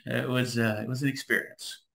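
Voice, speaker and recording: A man's voice: mid-range voice, fairly quick, gravelly. A middle-aged man from Southern California, a former radio DJ, telling stories as an interview guest and acting out the voices of the people in them. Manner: animated, acts out voices in his stories. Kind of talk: casual storytelling.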